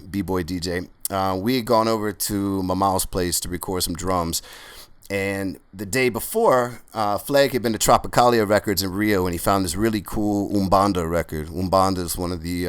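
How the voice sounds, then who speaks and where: Man, podcast guest, low voice, dry close sound, relaxed rambling anecdotes. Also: clean tone, dry recording. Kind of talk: casual storytelling in a podcast interview.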